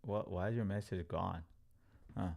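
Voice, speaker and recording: A man teaching crypto trading on a livestream, talking in an animated, story-driven way with lots of fillers. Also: low-pitched, normal speed, gravelly. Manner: animated storyteller, acts out quotes, filler-heavy "like". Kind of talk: livestream talk to viewers.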